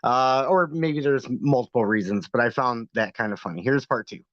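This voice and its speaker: A man's voice: mid-range voice, normal speed, a bit bright, dry recording. Sarcastic man on a dull dry livestream. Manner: sarcastic, argumentative, laughs often. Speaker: livestream host. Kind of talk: casual livestream commentary.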